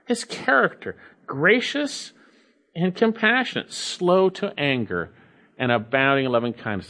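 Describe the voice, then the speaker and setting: Emphatic preaching man, higher voice. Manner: emphatic preaching, rising and falling, repeats key phrases; reads scripture slowly and deliberately. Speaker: pastor. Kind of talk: sermon.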